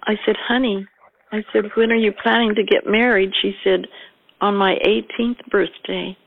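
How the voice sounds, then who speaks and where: An older woman, a bereaved mother, recalling her past in a measured storytelling voice, quoting herself and others as she goes. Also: medium pitch, fairly even intonation, gravelly, dry recording, phone-quality sound. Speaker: interviewee, mother of a murder victim. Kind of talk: personal recollection.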